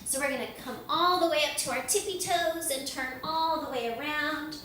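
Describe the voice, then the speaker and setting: A woman leading a yoga lesson for children, giving slow, gentle, sing-song instructions. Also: high voice, slight background noise. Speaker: kids yoga teacher. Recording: echoey room, voice from far off.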